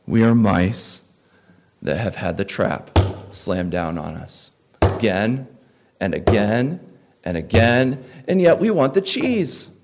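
A man preaching a sermon as a pastor, pleading and emphatic, with wide swings between loud and soft. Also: on the low side, big pitch swings, takes it slowly, a little hiss or hum.

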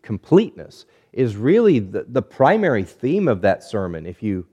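Man preaching a measured sermon. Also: big pitch swings, husky, lo-fi sound. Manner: measured preaching with drawn-out emphatic words; drops low and quiet at phrase ends. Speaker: pastor.

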